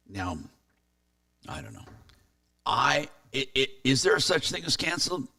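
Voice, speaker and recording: A man's voice: mid-range voice, very animated, unhurried, vocal fry, pushed and bright, no room sound, recorded from a distance. A man hosting a consumer talk radio show, chatting casually and reading listener texts aloud.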